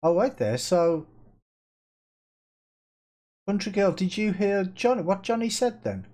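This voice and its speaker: A man's voice: high-pitched, very animated, unhurried, darkish tone. A man with a Birmingham accent streaming a game live, chatting casually with viewers, reading their messages aloud and laughing often. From Birmingham, England.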